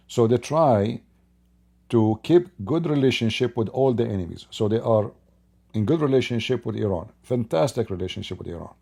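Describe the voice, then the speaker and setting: Male host, solo commentary into his own mic, low and mellow, insistent and repetitive. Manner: emphatic, builds repetitive lists. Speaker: channel host commenting on politics. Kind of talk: unscripted commentary monologue. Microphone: own microphone.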